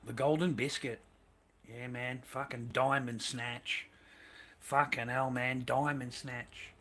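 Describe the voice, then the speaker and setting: A man's voice: medium pitch, fairly even intonation, slow pace, bright, forceful tone. A man hosting a stream who talks in a crude, profane and rambling way. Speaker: streamer host.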